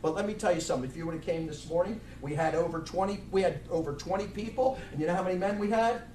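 A middle-aged pastor delivers a fiery, blunt sermon full of restarts inside a church sanctuary. His voice is high-pitched with a darkish tone, and he speaks quickly. Recorded from a distance in a reverberant room, the audio carries slight hiss or hum.

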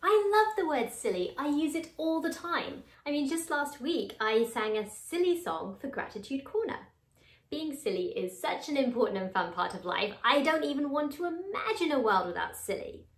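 A woman's voice: high-pitched, very animated, moderate pace. Playful woman vlogger, roomy sound. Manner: playful and theatrical, with bursts of mock outrage. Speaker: host. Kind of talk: upbeat scripted vlog talk.

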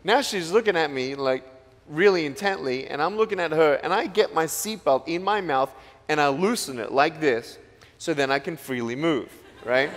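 Slight background noise accompanies this Australian motivational speaker, whose fairly high voice runs at normal speed. In a large school hall, he jokes with the students and tells stories in a playful, lively way.

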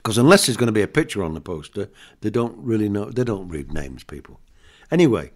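Older comedian guest, low and animated, a chatty storyteller acting out gags. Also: male voice, brisk. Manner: chatty storyteller, laughs often, acts out jokes. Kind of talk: anecdotal interview chat.

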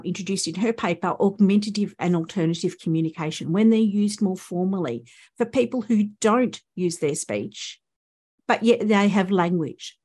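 A woman with an Australian accent and a mid-range voice is a speech pathologist giving a conference presentation. She explains her points by posing rhetorical questions to the audience.

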